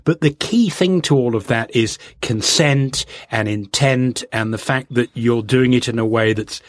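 A man's voice: mid-range voice, a little slow, dry recording. Wry male podcast guest. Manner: wry, teasing. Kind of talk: casual chat.

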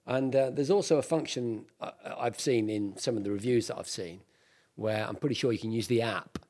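A man co-hosting a tech show, chatting casually in an excitable, self-deprecating way. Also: medium pitch, fairly quick. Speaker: tech show co-host testing a drone. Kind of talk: casual chat.

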